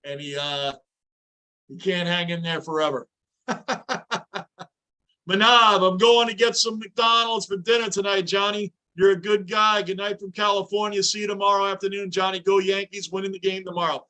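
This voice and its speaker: A man hosting a livestream from his home basement, reacting to a hockey game and greeting viewers in chat, often yelling at the play. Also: high voice, brisk. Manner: excitable, yells at the game. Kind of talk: live game reaction with chat shout-outs.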